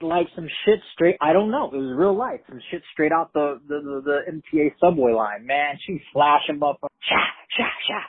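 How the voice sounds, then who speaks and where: A man telling a story in a profane, streetwise, animated way. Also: a little high, brisk, hardly any pauses, breathy edge, no echo. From Brooklyn, New York. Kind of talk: casual spoken storytelling. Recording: tinny phone-like line, dry.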